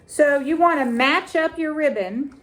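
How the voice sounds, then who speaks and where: A middle-aged woman hosting a crafting vlog, talking casually and deliberately as she shows ribbons and ornaments, often repeating her phrases. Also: high voice, fairly bright tone. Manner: slow, deliberate, repeats phrases while showing items. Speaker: crafting vlogger.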